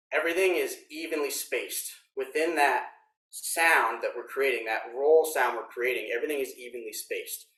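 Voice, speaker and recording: A man's voice: a little high, far from the mic. Man teaching a drum workshop, roomy. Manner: explanatory, relaxed, frequent ums. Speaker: drum instructor. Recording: roomy echo.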